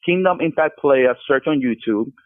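A man's voice: medium pitch, moderate pace, no echo. A man speaking as a podcast guest, giving an earnest Christian testimony with frequent stumbling restarts. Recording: tinny phone line.

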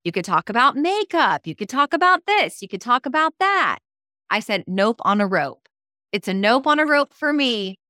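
A woman co-hosting a podcast as a coach, telling stories in a lively way and acting out quoted dialogue. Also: fairly high pitch, normal speed, no room sound, clean studio sound. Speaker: co-host and coach. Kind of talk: casual podcast storytelling.

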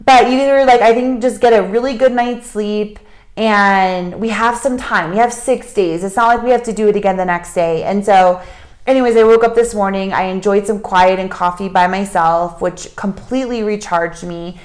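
A chatty woman co-hosting a relaxed podcast, talking openly about her feelings. Her voice sits at a middling pitch for a woman, and she rambles easily. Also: moderate pace. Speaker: podcast co-host and hiking trip leader. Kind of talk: casual podcast chat. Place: Cusco, Peru.

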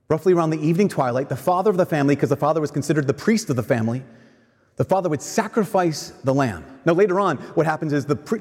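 A man preaching a sermon, asking the crowd questions and answering them himself in an animated way. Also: a little high, husky. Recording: long hall reverb.

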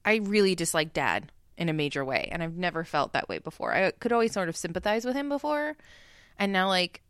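A woman co-hosting a casual TV recap podcast, opinionated and animated, acting out characters' lines in paraphrase. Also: lowish voice, brisk, clear, resonant tone, no echo, studio quality. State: tipsy from drinking. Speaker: podcast co-host.

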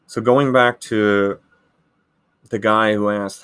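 A man's voice: lowish voice, fairly even intonation, takes it slowly, fairly bright tone, clean tone. A man in his thirties who hosts a podcast, telling a story in a casual, rambling way with lots of filler words. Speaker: podcast host, handball goalkeeper.

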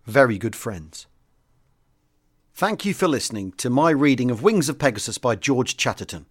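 A man reads a wartime memoir in the first person, measured and formal. His voice sits at an ordinary middle pitch and keeps an even, steady storytelling pace. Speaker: audiobook reader and podcast host. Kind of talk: reading a war memoir aloud.

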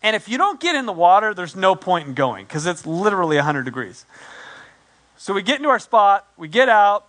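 Man, 40s, pastor, sermon storytelling, self-deprecating, acts out quotes, high voice, bright tone. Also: very animated, a little fast.

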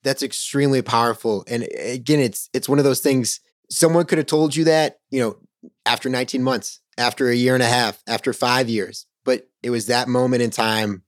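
A male podcast host with a voice of middling pitch who reflects back on his guest's words and sums up each point. The sound is close and dry, with no room around it. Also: fairly even intonation, moderate pace, no echo. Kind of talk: interview.

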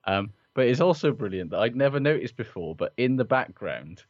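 A man's voice: mid-range voice, big pitch swings, fairly quick, dry recording. A man co-hosting a casual rugby chat podcast, swearing often and laughing a lot. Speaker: podcast co-host. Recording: dry, slightly dull audio.

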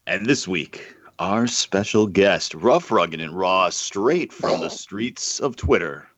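A man's voice: low-pitched, animated, slow, a bit bright, no room sound. A man hosting a casual nerd podcast, introducing his co-hosts with upbeat, jokey patter. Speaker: podcast host.

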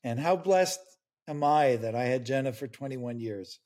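A man's voice: medium pitch, lively intonation, normal speed, a little mellow. An older man, a grief expert guest, speaking earnestly and tearfully in an interview. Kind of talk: emotional interview conversation.

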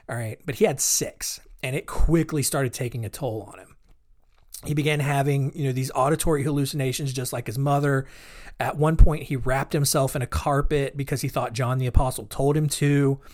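Guy hosting a true crime podcast, chatty and jokey, lots of filler, mid pitch. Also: a little mellow. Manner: chatty, joking, laughs at grim details, many fillers. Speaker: podcast host.

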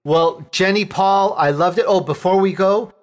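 A man's voice: high-pitched, moderate pace. A man from Chicago hosting an interview show, chatting casually and telling jokey stories. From Chicago, USA. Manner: jokey, animated storyteller. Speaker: talk show host.

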